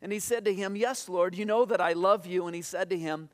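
A man preaching a sermon to his congregation, telling stories and reading scripture aloud, often dropping softer and slower for quoted lines. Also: high voice, steady tone. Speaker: pastor.

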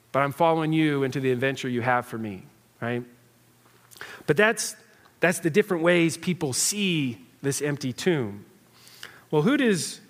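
A man with a high-pitched voice delivers a sermon in an animated, conversational way, often tossing "right?" back to the room. His words ring out with a long reverb, as if in a big church sanctuary. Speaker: pastor.

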